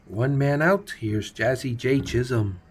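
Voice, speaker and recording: A man's voice: medium pitch, a little slow, slight background noise. A man hosting a gaming video, giving casual, playful play-by-play of a baseball simulation game. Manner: playful, jokey, chatty commentary. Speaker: gaming channel host.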